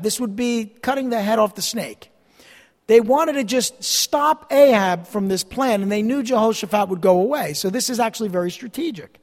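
Sarcastic pastor, high voice. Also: male voice. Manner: reads scripture aloud with sarcastic asides. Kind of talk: sermon, Bible study. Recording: long hall reverb.

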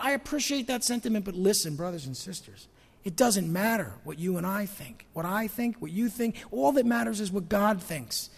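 A male pastor preaches to his congregation, firing off rhetorical questions and shifting between loud emphasis and hushed asides. His voice is high, creaky and breathy at the edges, with lively intonation at a normal speed, and the sound carries a big-room feel.

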